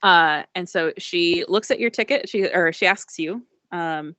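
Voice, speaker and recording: A woman's voice: fairly low pitch, unhurried, fairly bright tone, dry recording. Chatty woman narrating as game master. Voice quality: chatty, full of fillers. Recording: dull lo-fi dry sound.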